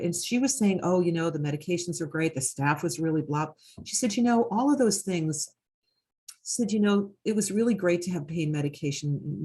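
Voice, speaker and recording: A woman's voice: low voice, a little mellow, husky. A woman who works in hospice, earnestly telling a story in a conversation, with many fillers. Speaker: hospice worker and host of conversation.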